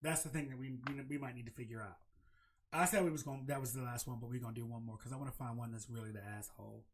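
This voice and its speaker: A man with an African American English accent, hosting a casual chat and reading a forum post aloud, animated and swearing. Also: mid-range voice, very fast, a little hiss or hum. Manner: animated, exclaiming, swearing, cackling laughs. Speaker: podcast host.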